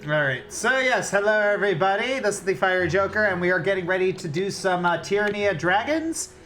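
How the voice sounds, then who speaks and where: A woman's voice: mid-range voice, animated, a little fast, a bit bright. A woman hosting a live tabletop game stream, chatting casually and teasing her players. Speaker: stream host and game master. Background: background game music.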